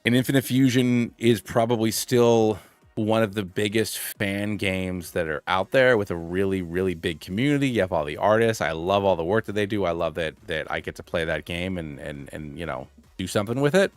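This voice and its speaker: A man's voice: low-pitched, normal speed, no room sound, soft background music. A man in his thirties chatting casually on a live stream, rambling with lots of fillers and self-deprecating asides. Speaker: gaming streamer.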